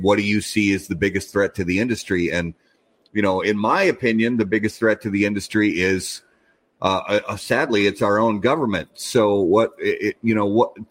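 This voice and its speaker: A man hosting a casual podcast interview, relaxed, steering the talk with questions. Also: lowish voice. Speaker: podcast host.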